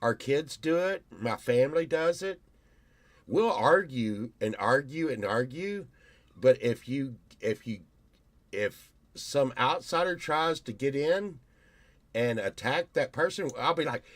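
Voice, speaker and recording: Slow-talking rambling man in his fifties. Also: medium pitch, animated, no echo. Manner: rambling, storytelling with many restarts. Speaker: YouTuber. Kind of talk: casual vlog monologue.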